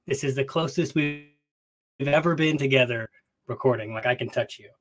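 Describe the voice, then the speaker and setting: A man's voice: medium pitch, moderate pace. A man co-hosting a book podcast in casual chat, playful and jokey, recorded in a small closet. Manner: playful, jokey, chatty with filler words. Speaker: podcast co-host.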